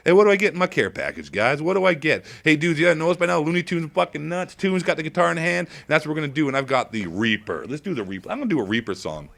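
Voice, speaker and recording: A man giving crude, comedic gameplay commentary, hyper and swinging between squeaky highs and low mutters. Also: very animated, fast, vocal fry, few pauses, fairly bright tone.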